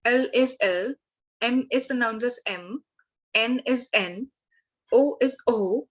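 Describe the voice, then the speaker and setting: Slow-paced woman tutoring language. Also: on the high side, fairly bright tone, low-quality recording. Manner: slow and careful, frequent fillers and restarts. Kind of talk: online lesson, reading word lists.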